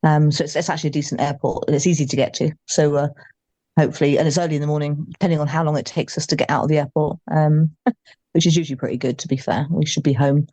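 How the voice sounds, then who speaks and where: A woman's voice: deep voice, fairly even intonation, fast talker, mellow, no room sound. An English woman, a singer being interviewed, chatting casually and trailing off with ums and tag questions over a remote call. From England. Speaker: guest singer.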